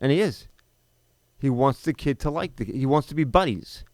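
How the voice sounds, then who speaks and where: A man's voice: mid-range voice, expressive, moderate pace, darkish tone, no echo. A man in his fifties hosting a talk show, delivering an unscripted, indignant monologue full of rhetorical questions and restarts. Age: 50s. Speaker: podcast host.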